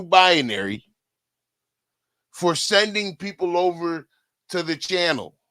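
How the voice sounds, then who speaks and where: High, bright-voiced man in profane commentary. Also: dry recording. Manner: profane, repetitive, keeps saying "listen". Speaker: commentary streamer. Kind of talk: casual live-stream commentary.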